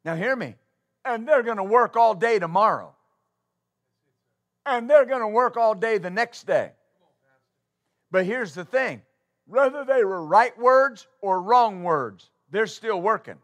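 Male pastor, sermon delivery, slightly high voice, emphatic rhetorical style. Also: animated. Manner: emphatic preaching with rhetorical questions, building to loud stresses; halting with uh fillers when starting.

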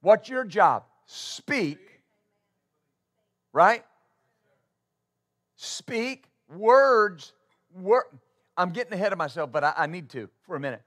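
Male pastor, sermon delivery, slightly high voice, emphatic rhetorical style. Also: animated. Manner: emphatic preaching with rhetorical questions, building to loud stresses; halting with uh fillers when starting.

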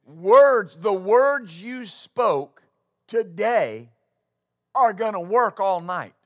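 Male pastor, sermon delivery, slightly high voice, emphatic rhetorical style. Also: animated. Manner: emphatic preaching with rhetorical questions, building to loud stresses; halting with uh fillers when starting.

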